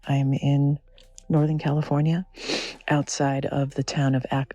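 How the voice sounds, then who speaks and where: Whispering gravelly man in his forties. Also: fairly high pitch, monotone, slow pace, dark tone, no echo, dull audio. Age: 40s. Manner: whispering, rambling, self-deprecating. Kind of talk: casual whispered vlog monologue. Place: outdoors in a redwood forest.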